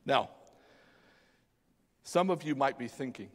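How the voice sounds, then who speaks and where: A male pastor preaching a sermon, animated and dramatic, mixing Bible story with casual slang. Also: mid-range voice, moderate pace, pauses often. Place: church sanctuary. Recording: long church hall reverb.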